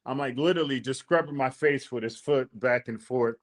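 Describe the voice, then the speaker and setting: Guy on a podcast telling old stories, slangy, acts out the quotes, mid pitch. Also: fairly quick. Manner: animated, slangy storytelling with acted-out quotes. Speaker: podcast host. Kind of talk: casual storytelling chat.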